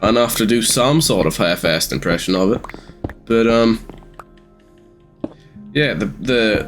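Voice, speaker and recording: Young australian guy, 18, low voice, sleepy, halting gameplay commentary, faint game music behind. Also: animated. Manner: rambling, halting, many ums, sometimes swears. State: sleepy, yawning. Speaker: gamer streamer.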